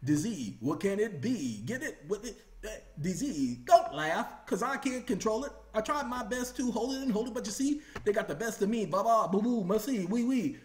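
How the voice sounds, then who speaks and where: A man's voice: high-pitched, expressive, moderate pace, few pauses, echoey room, voice pushed up. A man voicing a playful male alter ego that babbles in a singsong way. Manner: singsong, babbling nonsense rhymes.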